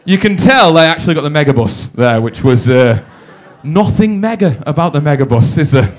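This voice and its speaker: A man with a Northern English accent doing live stand-up, his high voice bouncing all over the place. He tells self-mocking stories and swears freely, with a lively, animated delivery. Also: normal speed. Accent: Northern English (Warrington). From Warrington, England. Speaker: stand-up comedian. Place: comedy club stage.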